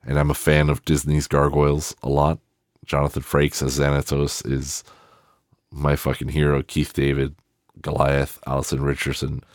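A man's voice: extremely low pitch, completely flat delivery, normal speed, no echo, studio quality. A man giving a rambling, casual film commentary, swearing freely and trailing off in restarts. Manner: rambling and profane, with many fillers and restarts. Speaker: film reviewer.

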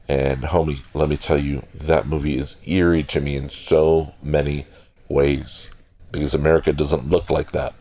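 Very deep and warm, this man's voice comes through on a dry recording. Hosting a podcast, he rambles casually about a film, swearing without restraint and correcting himself along the way.

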